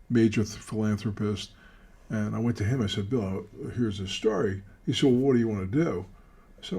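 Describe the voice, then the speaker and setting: A man's voice: lowish voice, a little mellow. An older man and podcast guest telling a personal story in a casual interview, earnest and emphatic. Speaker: podcast guest, charity founder.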